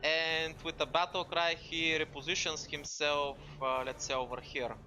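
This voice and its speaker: A man's voice: fairly high pitch, little pitch movement, normal speed, sharp tone, a little hiss or hum. A man playing a tabletop game, chatting about the rules and describing what his character does. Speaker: player. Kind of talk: casual tabletop game play.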